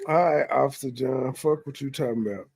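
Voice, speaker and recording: A man's voice: mid-range voice, fairly even intonation, brisk, vocal fry, darkish tone, husky, no echo. A male streamer giving blunt, profane running commentary on video clips. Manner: blunt, profane, talks back at the footage. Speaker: streamer reacting to bodycam videos. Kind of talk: casual commentary.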